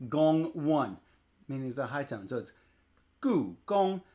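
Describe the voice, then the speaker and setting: A man's voice: mid-range voice, sing-song, measured pace, mellow. A man from Tennessee, patiently teaching tones to his co-host with a teasing humor. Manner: patient, teasing, drills syllables. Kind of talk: casual teaching chat.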